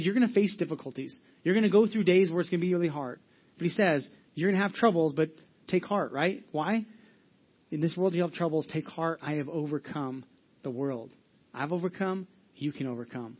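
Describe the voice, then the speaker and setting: A man's voice: fairly high pitch, brisk, breathy edge, muffled recording. A man preaching a sermon in an earnest, conversational way, asking the congregation questions and answering them. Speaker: pastor.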